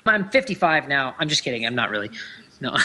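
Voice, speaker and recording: A man's voice: mid-range voice, very animated, moderate pace, bright, forceful tone. A man in his thirties, a voice actor, chatting playfully and joking in an interview. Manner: playful, jokey, laughs often. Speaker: voice actor guest. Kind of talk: casual interview chat.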